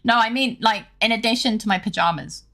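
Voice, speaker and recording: A woman's voice: on the high side, a little fast, gravelly, a bit bright. A woman streamer chatting casually with her viewers, rambling and laughing often.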